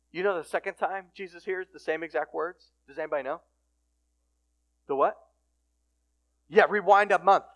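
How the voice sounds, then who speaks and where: A middle-aged man with a fairly high voice gives a sermon at a recovery ministry. He talks casually, with restarts and filler, and moves from hushed, close moments to loud, emphatic points. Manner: casual conversational phrasing with restarts.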